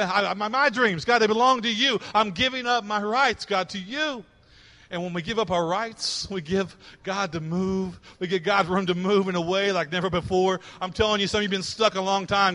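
A man preaching a sermon as pastor, with impassioned delivery that swings between hushed and loud. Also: high-pitched, in a large hall.

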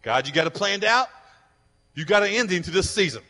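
Pastor guy preaching hard, bright ringing voice, big echoey church hall. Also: high-pitched, animated, brisk. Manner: fervent preaching, rising to loud declarations. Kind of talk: sermon. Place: church sanctuary. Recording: long reverb of a large hall.

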